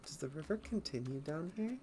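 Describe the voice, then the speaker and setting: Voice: medium pitch, lively intonation, brisk, warm tone, slight background noise. A streamer chatting nerdily through a livestream of a game, rambling with giggles at a home setup. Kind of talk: livestream gameplay commentary.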